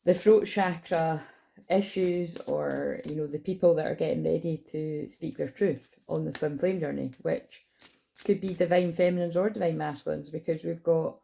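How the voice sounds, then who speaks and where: A woman with a gravelly, slightly sore-throated voice, rambling casually as a tarot reader channeling messages. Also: fairly even intonation, moderate pace, dark tone, a little hiss or hum. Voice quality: gravelly low voice. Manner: rambling, self-correcting, chatty. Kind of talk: casual spiritual channeling talk.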